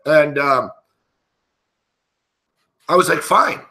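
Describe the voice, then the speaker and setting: A man's voice: a little high, expressive, normal speed, bright, forceful tone. A man commentating on a sports betting show, telling a rambling story and breaking into a heated, profane rant full of swearing.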